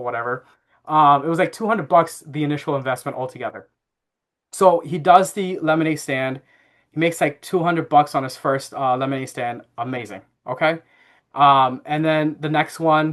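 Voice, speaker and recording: A man in his thirties tells a family anecdote in easy conversational rhythm. He leans on fillers and restarts, and his voice sits slightly on the higher side. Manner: animated anecdote-telling with frequent fillers and laughs. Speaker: podcast guest. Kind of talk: casual interview storytelling.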